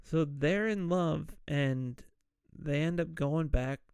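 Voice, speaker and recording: A man's voice: fairly high pitch, slow, vocal fry, a little mellow, clear, resonant tone, dry recording, studio quality. A man hosting a podcast, casually recapping a film scene by scene and mimicking the characters' voices as he goes. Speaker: podcast host. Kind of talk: casual movie recap with acted-out quotes.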